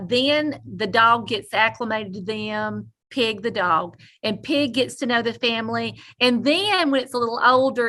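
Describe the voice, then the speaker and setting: A woman co-hosting a podcast, telling a story in animated casual chat and laughing often. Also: fairly high pitch. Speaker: podcast co-host.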